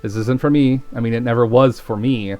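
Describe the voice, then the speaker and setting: A man's voice: mid-range voice, fairly even intonation, fairly quick, mellow, soft background music, close to an everyday voice. A man voicing an earnest, formal young male gamer who speaks in a heartfelt, solemn way.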